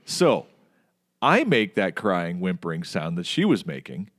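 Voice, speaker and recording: A middle-aged man with a fairly low voice tells stories on a casual podcast. He gets animated, jumping much higher when he mimics people shouting. His talk is chatty and keeps checking in with his co-host. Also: measured pace. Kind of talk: casual chat.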